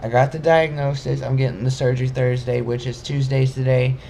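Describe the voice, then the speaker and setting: Young male vlogger, emotional rambling storyteller, average pitch, light background hiss. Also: level tone, fairly quick, creaky, warm tone. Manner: emotional, rambling, frequent fillers and restarts. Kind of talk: personal storytime vlog.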